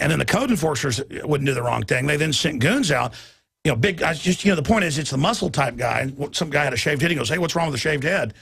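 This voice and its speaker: A middle-aged man hosts a heated talk-radio conversation, his voice gravelly and husky. He rants emphatically and keeps stumbling into restarts as his thoughts race ahead of his words. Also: on the high side, a bit bright. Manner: emphatic, ranting, stammers and restarts. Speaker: talk show host.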